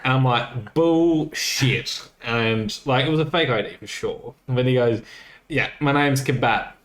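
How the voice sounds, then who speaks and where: A man co-hosting a podcast, retelling a night out in a loose, swearing, animated way with quoted dialogue. His voice sits at an ordinary middle pitch. The room around him rings with a noticeable echo. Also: measured pace. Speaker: podcast co-host. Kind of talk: casual storytelling chat. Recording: roomy echo.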